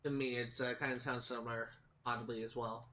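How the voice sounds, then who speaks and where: This male streamer talks at a middle pitch, rambling and hesitant, restarting his sentences and leaning on fillers while he plays. A clear hiss of noise runs underneath his voice. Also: level tone, fairly quick, pushed and bright, low-quality recording. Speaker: streamer playing a video game. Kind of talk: casual commentary while gaming.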